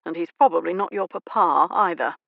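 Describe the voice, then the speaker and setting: An arrogant, predatory earl, as a woman voices him who speaks in a lazy, snide drawl. The voice carries a gravelly texture. It is recorded dry and a bit dull. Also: high voice, a little fast, dry recording.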